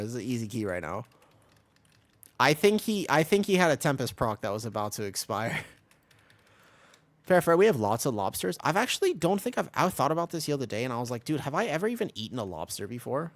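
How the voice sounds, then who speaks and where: A man's voice: mid-range voice, no echo. A man in his twenties chatting casually while he plays a game on stream, telling a rambling story between callouts. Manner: rambling storyteller, animated voices when quoting. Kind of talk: casual gaming stream chat.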